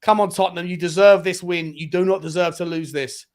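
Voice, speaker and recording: A man hosts a fan show and calls the match live as it unfolds. He is excitable and often yells encouragement or scolding at the players. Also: high voice, brisk. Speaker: host of a football fan show. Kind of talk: live match watch-along commentary.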